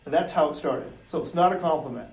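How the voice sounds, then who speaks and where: Middle-aged male guest, lively storyteller, slightly raised pitch, roomy distant recording. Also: quick pace, faint music behind. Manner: animated storyteller, acts out quotes, laughs often. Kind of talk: storytelling in a podcast interview. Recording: roomy sound from off mic.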